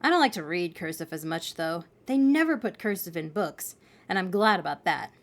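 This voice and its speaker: A woman reading a children's novel aloud in an expressive storytelling manner. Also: lowish voice, normal speed.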